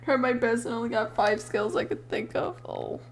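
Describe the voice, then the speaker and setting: A woman's voice: fairly high pitch, fairly even intonation, moderate pace, creaky, slight background noise. A woman in her twenties chatting casually while drawing on stream, rambling, swearing freely and laughing often.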